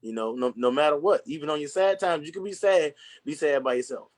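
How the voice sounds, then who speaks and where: A young man talking candidly on a podcast, telling personal stories with animated asides and quick restarts. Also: a little high. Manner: candid, storytelling, acts out voices in anecdotes. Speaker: podcast guest. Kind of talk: casual conversation.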